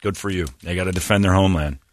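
A deep-voiced man hosts a morning radio show, speaking rapid-fire with fairly even intonation on a studio microphone. The dry, clean studio recording catches him wisecracking, laughing often, and slipping into mock voices as he jokes with his co-hosts.

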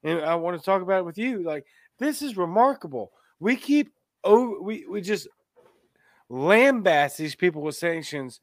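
A man's voice: sits high, lively intonation, normal speed, no echo. Dry-sounding, emphatic male podcast host. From Louisiana. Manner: emphatic, exasperated. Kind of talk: casual political talk.

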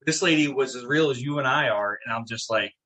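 A middle-aged man telling a story in casual chat, animated and swearing, acting out what people said. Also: medium pitch, a little fast. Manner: animated, swearing, acts out quotes. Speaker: guest, town mayor.

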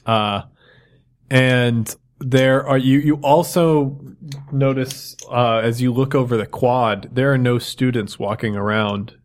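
A man's voice: mid-range voice, fairly even intonation, slow. A man running a tabletop game as game master, narrating loosely with many restarts. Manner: rambling, loose, lots of fillers and restarts.

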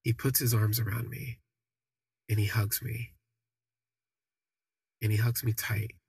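A young man recounts his own story in a reflective, halting way, often restarting his sentences. His low voice is gravelly and heavily husky. The delivery stays flat and the sound is dry and close. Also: no echo. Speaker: podcast storyteller. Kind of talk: personal storytelling.

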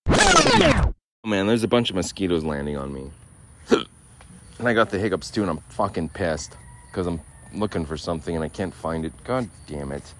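A low-voiced man hosts a casual podcast from outdoors. He talks in a sardonic, rambling way and swears freely. His delivery stays loose and unscripted. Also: fairly quick. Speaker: podcast host. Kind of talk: casual profane rant.

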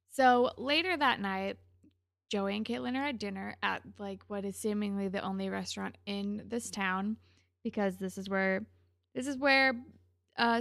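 A woman's voice: mid-range voice, gravelly, a bit bright, no room sound, studio quality. A young woman co-hosting a podcast, casually and sarcastically recapping a TV episode and acting out the characters' lines. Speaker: podcast co-host recapping a TV show.

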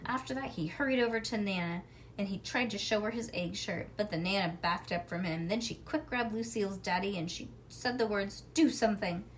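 A woman reading a children's storybook aloud to her child at home, with relaxed, chatty asides. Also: medium pitch, fairly quick, slight background noise.

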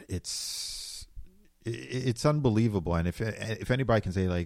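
A man's voice: lowish voice, measured pace, creaky, darkish tone, no room sound. A man co-hosting a casual podcast chat, speaking earnestly and thoughtfully, often laughing. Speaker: podcast co-host.

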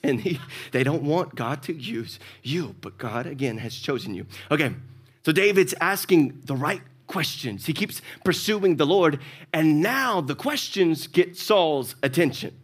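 A male pastor with a Southern US accent preaches a sermon in a fairly high, slightly rough voice, speaking a little slowly. His storytelling is animated, and he acts out the characters in his stories.

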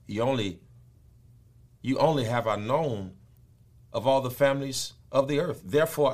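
A man preaching a sermon, moving from low, quiet explaining to high, loud, shouted peaks.

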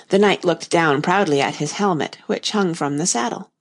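Steady storybook narrator, woman, husky and gravelly, low-pitched. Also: normal speed. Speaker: audiobook narrator. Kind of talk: scripted narration.

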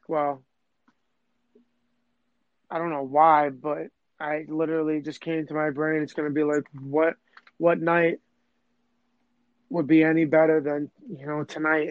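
The recording is dry and has a dull lo-fi sound. In casual conversation, a young man with a slightly high voice tells a personal story emotionally and ramblingly, constantly using fillers and starting over.

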